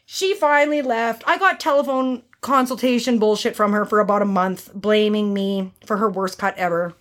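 A woman who works as a hairstylist, telling a story on a podcast in a blunt, animated way and swearing freely. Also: medium pitch, normal speed.

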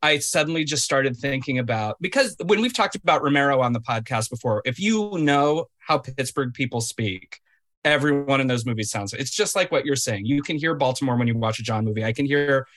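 A man's voice: medium pitch, lively intonation, brisk, a bit bright, no room sound, studio quality. A man co-hosting a podcast, talking in an enthusiastic, rambling way in casual chat. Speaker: podcast co-host.

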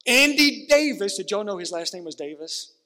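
A man's voice: high voice, sing-song, normal speed, pushed and bright, long reverb tail. A man preaching a sermon as pastor, earnest and stretching out key words for emphasis.

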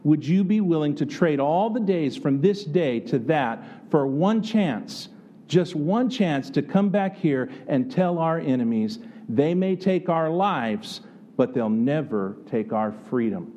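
Man playing defiant Scottish rebel leader; rough Scottish accent, slow and emphatic, mellow tone. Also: a little high, lively intonation, lo-fi sound. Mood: rousing. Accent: attempted Scottish. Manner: slow, emphatic rallying speech.

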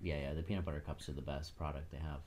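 A man's voice: rumbling low, level tone, very fast, a little mellow. A man co-hosting a casual chat, mostly chiming in with short agreeing remarks. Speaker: podcast co-host.

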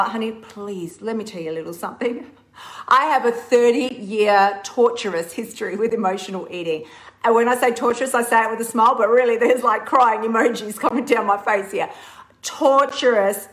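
A woman, a weight-loss coach giving a casual livestream pep talk, animated and laughing often, swearing freely and calling listeners honey. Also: fairly high pitch, low-quality recording.

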